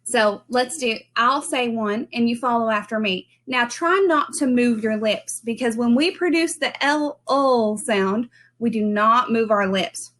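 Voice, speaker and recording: A woman giving a children's speech lesson from home, modeling sounds slowly and clearly. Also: fairly high pitch, a bit bright. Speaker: speech teacher.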